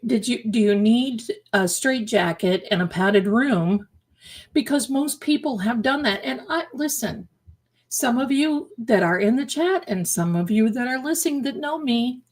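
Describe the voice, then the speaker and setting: Slow, emphatic woman livestream host. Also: fairly high pitch. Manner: emphatic, repeats phrases, addresses viewers as darlings. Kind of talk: casual livestream chat.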